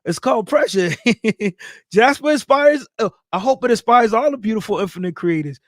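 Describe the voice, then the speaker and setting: Hyped male streamer giving shout-outs. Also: high voice, expressive, moderate pace, no room sound, studio quality. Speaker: livestream host. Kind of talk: casual livestream chat reading viewer comments.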